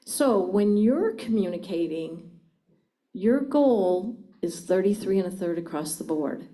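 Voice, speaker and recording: A woman's voice: mid-range voice, lively intonation, measured pace, warm tone, rough recording. A middle-aged woman presenting a communication seminar to a live audience, engaging them with frequent questions. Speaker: communication trainer.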